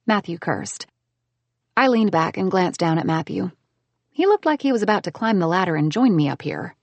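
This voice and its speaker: A woman narrating a first-person romance audiobook in a smooth, expressive way. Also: on the low side, normal speed, no room sound.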